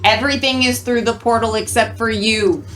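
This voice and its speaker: A woman's voice: a little high, steady tone, normal speed, fairly bright tone, far from the mic, a little hiss or hum. A woman playing a tabletop game, blunt and swearing freely, recorded in an echoey room. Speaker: player. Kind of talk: casual tabletop play. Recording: echoey room with faint music.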